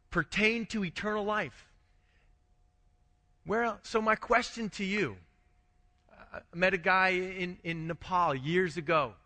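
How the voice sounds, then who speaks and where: A man pastor delivers a sermon in a talky, questioning way. His voice sits high and sounds sharp and bright. A long reverb from the church hall follows each phrase. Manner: conversational preaching, frequent restarts, rhetorical questions.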